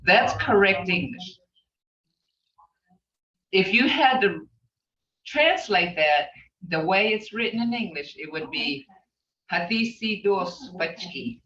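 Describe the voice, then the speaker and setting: An older woman runs a casual online language class, rambling a little and often asking "okay?" to make sure her students follow. Her medium-pitched voice is very animated and a bit bright, and she speaks slowly with frequent pauses. The lo-fi audio sounds echoey, distant, and dull.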